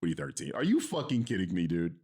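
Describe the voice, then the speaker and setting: A man's voice: sits low, huge pitch swings, fast, a little mellow, a little hiss or hum. A man streaming, reacting to a video in heated casual commentary, swearing and mocking with an exasperated tone. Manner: profane, exasperated, mocking laughs.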